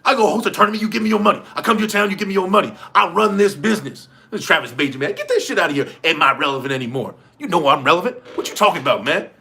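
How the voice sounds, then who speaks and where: A cocky, swaggering arm-wrestling champion, as a man puts him on brags loudly in a raised, bright, cutting voice. He taunts and trash-talks as if nobody could ever beat him. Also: sits high, expressive, rapid-fire, gravelly, hardly any pauses, slight background noise, voice pushed up, heavily acted. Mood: boastful.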